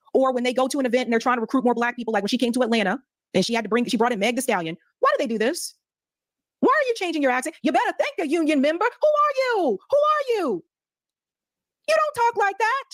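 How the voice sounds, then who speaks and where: A woman's voice: on the high side, no echo, clean studio sound. A woman commentator reacting to a speech clip with incredulous, mocking questions. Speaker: political commentator.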